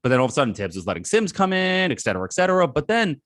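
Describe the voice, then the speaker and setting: A man's voice: medium pitch, big pitch swings, rapid-fire, few pauses, fairly bright tone, no room sound, clean studio sound. A man co-hosting a sports podcast, ranting angrily and exasperated. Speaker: podcast co-host.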